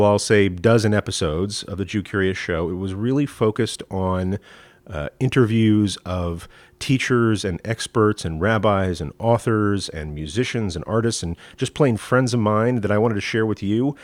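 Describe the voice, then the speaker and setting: A rabbi from East Texas with a Southern accent, hosting a live-streamed teaching talk in a folksy, rambling way with many fillers. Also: male voice, lowish voice, dry recording. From East Texas, USA. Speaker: rabbi and show host.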